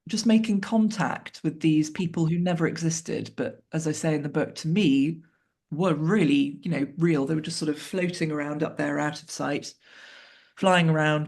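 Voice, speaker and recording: Frank woman author with a gravelly edge. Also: low voice, a little mellow. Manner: frank, reflective, wry asides. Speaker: author guest. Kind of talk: candid conversational interview.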